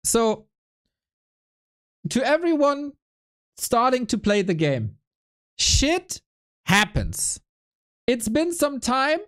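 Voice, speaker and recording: A woman hosting a game stream talks slowly, with a lively rise and fall in her voice. She is laid-back and self-mocking, and laughs easily between remarks. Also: on the high side. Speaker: esports caster. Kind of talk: casual stream chat.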